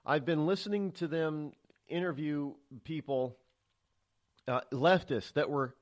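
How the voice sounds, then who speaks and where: A man's voice: on the high side, unhurried. A man hosting a live morning call-in talk radio show, rambling with fillers and restarts as his anger shows. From New England, United States. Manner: chatty, then angry, with many fillers and restarts.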